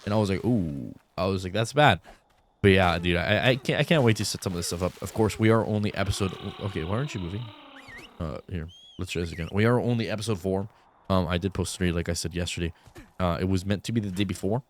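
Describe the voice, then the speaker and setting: A man's voice: sits low, quick pace, a little hiss or hum. A young man giving casual, rambling let's-play commentary with lots of fillers, still in his groggy morning voice. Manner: rambling, many fillers, easygoing. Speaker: gaming YouTuber.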